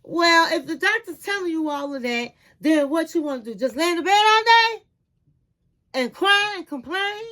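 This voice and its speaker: A woman's voice: very high-pitched, expressive, normal speed, sharp tone, pitched above the performer's own voice, exaggerated voice. A woman voicing a fed-up husband who lectures his wife in an exasperated way while she recaps a TV episode.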